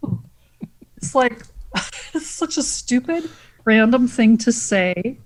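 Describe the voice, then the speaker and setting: A woman from Canada talks as a podcast guest in a casual, animated way. Her voice sits slightly higher than most. She keeps the conversation moving with energy. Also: takes it slowly, long pauses, low-quality recording. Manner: animated, quotes lines from scenes. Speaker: guest, comedic actress.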